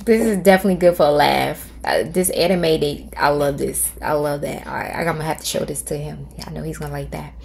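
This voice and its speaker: A woman's voice: low voice, a little fast, gravelly, hardly any pauses, darkish tone, husky. A middle-aged woman hosting a casual screen-recorded tutorial from home, chatting with viewers and thinking aloud as she types. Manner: chatty, talks to viewers as "y'all"; thinks aloud while typing prompts. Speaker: tutorial host.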